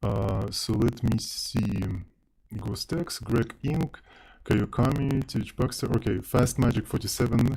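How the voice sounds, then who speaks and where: A man's voice: medium pitch, a little slow, creaky, warm tone, a little hiss or hum. A man chatting casually on a live stream, rambling between topics and thanking viewers by name. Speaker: livestreamer.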